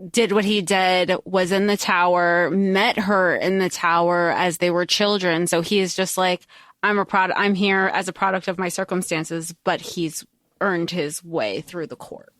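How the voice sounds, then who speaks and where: A woman's voice: fairly low pitch, steady tone, measured pace, fairly bright tone, no room sound, studio quality. A woman co-hosting a podcast in casual chat, reacting to a film and quoting its characters with laughter. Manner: chatty, quotes characters with laughs. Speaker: podcast co-host.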